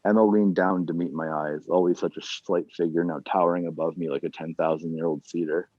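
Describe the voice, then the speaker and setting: Low-voiced guy reading his own story out loud, laid back, drops in ums between chapters, dull dry lo-fi sound. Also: fairly even intonation, no echo. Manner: plain unhurried reading with casual asides and fillers between chapters. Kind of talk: reading aloud at an online reading series.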